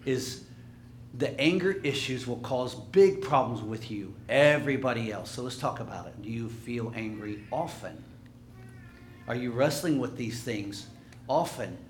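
A man preaching a sermon in a church, telling the story with animated swings from loud to hushed. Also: on the high side, slight background noise. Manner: animated storytelling, dropping to a hush for quiet lines. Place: church sanctuary. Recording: echoey church room with faint ambience.

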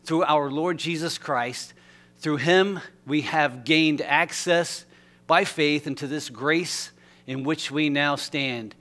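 A male pastor preaching a sermon in a church, telling a story animatedly, swinging from loud to hushed. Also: fairly high pitch, slow pace. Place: church sanctuary.

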